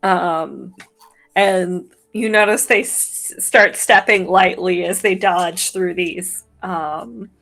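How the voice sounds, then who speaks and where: A woman's voice: fairly low pitch, takes it slowly, gravelly, a bit bright. A woman playing a tabletop role-playing game, giggly and hesitant with fillers. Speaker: player. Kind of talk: casual tabletop play. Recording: faint music behind.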